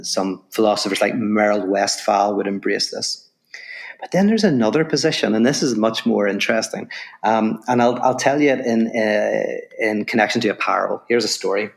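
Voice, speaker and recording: A man, the guest on a podcast interview, talking fast and telling stories while explaining ideas. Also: fairly low pitch, vocal fry. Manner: animated storyteller, quick explanations. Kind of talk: podcast interview, storytelling and philosophy.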